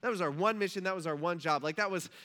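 Easygoing ancient apostle, chummy and matter-of-fact, as a man puts him on, bright timbre. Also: high-pitched, fast. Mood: cheerful. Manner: casual, chummy, matter-of-fact about hardship. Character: laid-back, cheerful ancient apostle, a grown man.

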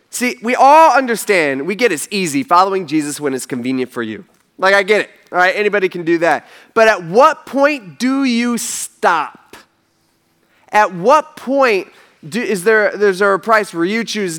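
A man's voice: high-pitched, lively intonation, normal speed, a bit bright. A man preaching a sermon in a casual, conversational, slangy way, telling the story with animation. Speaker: pastor.

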